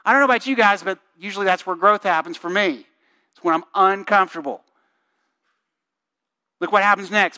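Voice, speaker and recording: Male pastor, very high voice, bright tone, casual sermon delivery with rhetorical questions. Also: a little fast, long pauses. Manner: conversational, asks the congregation questions; reads scripture aloud with emphasis.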